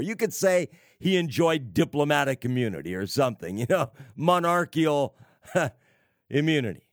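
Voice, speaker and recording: A man preaching on prophecy, slow and emphatic, with sarcastic asides and wry laughs. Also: on the high side, no room sound, studio quality. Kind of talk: prophecy sermon.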